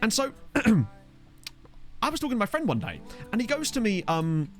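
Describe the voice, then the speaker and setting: Lively chatty young male streamer. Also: high voice, normal speed, faint music behind. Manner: rambling, self-mocking storyteller with frequent laughs. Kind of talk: casual gameplay chat with chat readers. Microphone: desktop USB mic.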